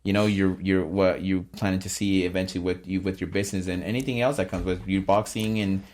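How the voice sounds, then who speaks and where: A man's voice: sits low, fairly even intonation, brisk, a little mellow. A man hosting a casual podcast interview, talking in a loose, rambling way with restarts and casual swearing. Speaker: podcast host.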